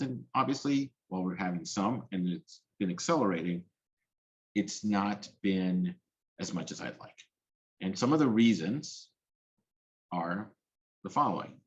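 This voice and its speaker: A man's voice: sits low, muffled recording. A man presenting on policy in a webinar, earnest and self-correcting as he talks. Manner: earnest, with frequent restarts and fillers. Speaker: policy specialist presenting a talk.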